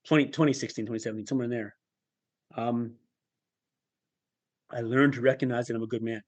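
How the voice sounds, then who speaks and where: A male podcast guest speaking at a middle pitch, with an even, ordinary voice. He talks reflectively and haltingly, often pausing and restarting as he recounts his experience. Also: dull audio. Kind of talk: candid personal storytelling.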